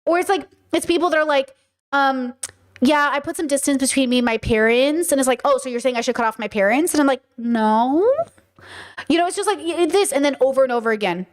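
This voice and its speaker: Animated woman host, high voice. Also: fairly quick. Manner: animated, acts out quoted exchanges. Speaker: podcast host reacting to a video. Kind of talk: casual chat.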